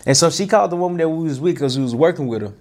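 Animated storytelling man, fairly high voice. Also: very fast. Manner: animated, conversational, repeats and restarts. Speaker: host. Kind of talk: personal storytelling talk.

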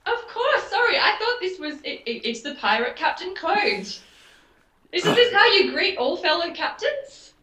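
A woman's voice: extremely high pitch, sing-song, unhurried, roomy sound, recorded from a distance, noisy background, full character voice. A woman playing a cheerful, sly pirate captain in an improvised comedy, breezy and teasing. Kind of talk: improvised comedy role-play.

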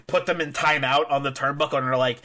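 A man in casual chat about a wrestling match, excitable and full of "like" fillers and laughter. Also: medium pitch, fast talker. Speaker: podcast co-host.

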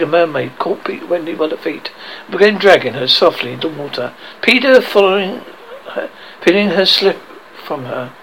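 A man's voice: high-pitched, fairly bright tone, slight background noise, low-quality recording. A man narrating a storybook aloud, often stumbling and correcting himself. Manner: reads with frequent stumbles and self-corrections. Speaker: audiobook reader.

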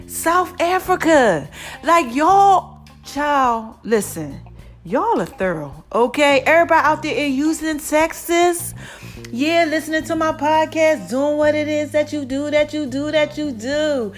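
A woman from South Jersey hosting her own podcast in a casual monologue, playful and sassy, calling her listeners "babies" and herself "Mama". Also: high-pitched. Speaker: podcast host.

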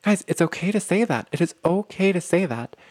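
A man's voice: high-pitched, expressive, fairly quick, a little mellow, no room sound. A man hosting a relationship advice show, talking his listeners through advice in a conversational way, repeating himself and often checking in with "okay?".

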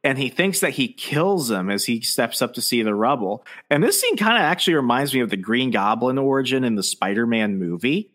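A man's voice: medium pitch, sing-song, brisk, few pauses, fairly bright tone. A man co-hosting a podcast, casually recapping a comic with loose, profane storytelling. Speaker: podcast co-host. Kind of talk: casual comic book discussion.

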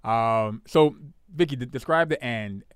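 Brief: young male DJ host, smooth clear voice, dry studio mic, relaxed and joking. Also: medium pitch, a little slow, no room sound. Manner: easygoing, joking, keeps the show moving. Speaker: DJ and podcast host. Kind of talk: casual livestream chat. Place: home studio.

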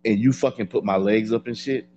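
A man's voice: on the low side, a little fast, darkish tone, lo-fi sound, slight background noise. A man in casual podcast chat, blunt and profane, telling his story dryly. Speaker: podcast co-host.

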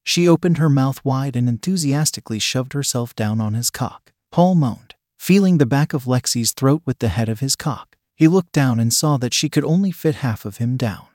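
A man narrating an adult audio story in a steady, even way. His voice sits at a middle pitch for a man. It is recorded close and completely dry, with no room around it. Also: normal speed, hardly any pauses, dry recording.

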